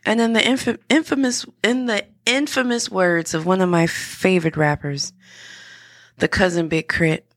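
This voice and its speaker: A woman's voice: medium pitch, normal speed, no room sound, clean studio sound. A woman hosting a podcast, talking through an earnest, encouraging motivational monologue with frequent restarts. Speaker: podcast host.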